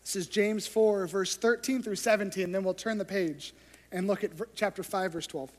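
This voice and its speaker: Storytelling pastor, high voice, echoing hall. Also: male voice, fairly even intonation, normal speed. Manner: storytelling, acts out scenes. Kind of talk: sermon. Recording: long hall reverb.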